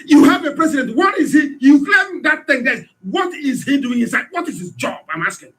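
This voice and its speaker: A man with a Nigerian accent giving an impassioned political radio address, hectoring his listeners with rhetorical questions and sometimes shouting. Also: extremely high pitch, expressive, a little fast. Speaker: radio broadcaster.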